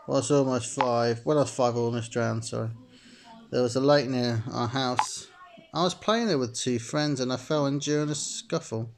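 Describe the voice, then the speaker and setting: A man's voice: mid-range voice, gravelly, background noise. A man playing a chat story game, reading its messages aloud and rambling through his own answers, packing his talk with "sort of" and frequent laughter. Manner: rambling, heavy use of "sort of", laughs often.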